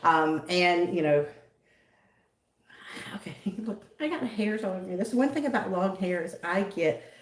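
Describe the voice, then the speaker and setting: Hosting a livestream, a Southern American woman greets viewers by name with casual chatter and giggles. Her low-leaning voice is expressive and unhurried, she pauses often, and the sound is roomy; she is from the southern United States.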